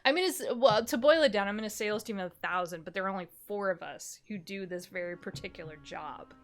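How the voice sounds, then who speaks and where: A woman chatting casually on a live stream, telling animated stories, swearing freely and laughing often. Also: mid-range voice, fast talker, faint music behind. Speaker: streamer co-host.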